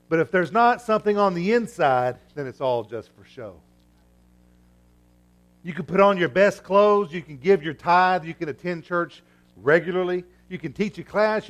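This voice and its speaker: A man preaching a sermon in a fairly high voice. He tells a story, acts out the voices in it and swings from hushed asides to loud bursts. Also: muffled recording. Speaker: pastor.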